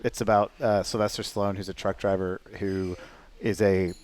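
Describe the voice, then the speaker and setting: A man's voice: sits low, little pitch movement, moderate pace, a little mellow. A man co-hosting a casual dinner chat, rambling and joking with plenty of fillers. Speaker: podcast co-host.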